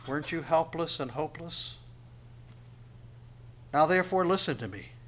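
A male preacher with a slightly higher voice than most men. He reads scripture slowly and forcefully, then drops into quiet, chatty explanation. His volume rises and falls often. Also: lively intonation, a little hiss or hum. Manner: reads verses aloud slowly, then explains in a plain conversational tone; swings between loud emphatic reading and quiet, dropped asides. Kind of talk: sermon with scripture reading.

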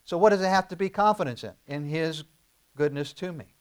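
A male pastor preaching a sermon, asking the congregation rhetorical questions and slowing down to stress key phrases. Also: fairly high pitch, smooth. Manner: rising to emphatic, slowed declarations on key phrases.

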